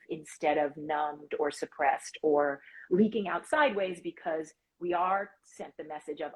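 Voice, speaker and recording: A woman guest on a casual live-stream chat, playful with quick asides, over a video call. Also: sits low, steady tone, low-quality recording. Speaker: guest performer.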